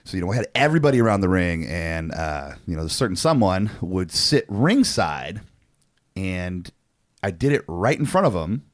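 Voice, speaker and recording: A man in his forties, co-hosting a podcast, telling a story in a casual, animated way with lots of swearing and fillers. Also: low voice, moderate pace, no room sound, clean studio sound. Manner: animated, profane, frequent fillers. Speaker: podcast co-host.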